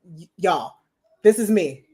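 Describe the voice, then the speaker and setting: Chatty woman with a lower voice. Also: slow pace, husky. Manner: chatty, animated, many "you know" fillers. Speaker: podcast guest, marketing executive. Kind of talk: casual storytelling interview.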